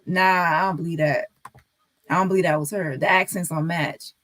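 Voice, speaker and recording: A woman's voice: lowish voice, fairly even intonation, normal speed, a bit bright. A woman on a live stream talking casually and insistently to her viewers, repeating her points.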